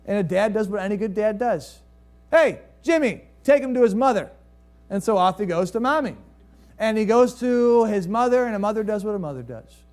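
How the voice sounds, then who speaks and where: A man preaching a sermon as pastor, telling a story with rhetorical questions to the congregation and swinging between lively rises and quiet, hushed drops. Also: sits high, a little fast.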